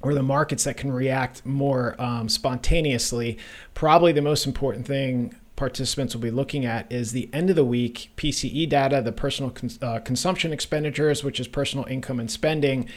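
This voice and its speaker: Man hosting a relaxed finance podcast. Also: medium pitch, fairly quick. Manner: relaxed, joking, with fillers. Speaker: podcast host. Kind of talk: casual finance chat.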